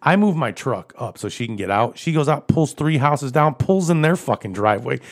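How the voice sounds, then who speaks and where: A man telling crude, profane stories in casual chat, laughing often and getting animated as he goes. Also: medium pitch, normal speed.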